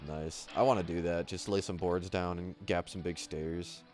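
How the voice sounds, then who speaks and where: A man hosting a livestream, chatting casually as he watches skate clips, rambling with many fillers and excited outbursts. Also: low-pitched, moderate pace, soft background music. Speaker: livestream host.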